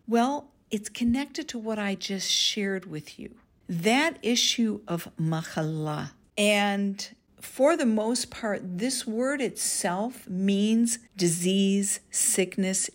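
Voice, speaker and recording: Woman bible teacher on a podcast, slow deliberate delivery, medium pitch. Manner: earnest, deliberate, drawn-out emphasis on key words. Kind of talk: scriptural teaching monologue.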